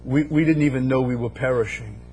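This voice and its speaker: Speaking a little fast, a mid-pitched male pastor delivers a sermon whose repeated phrases build into louder bursts. Soft, faint instrumental music sits underneath, and the recording is muffled.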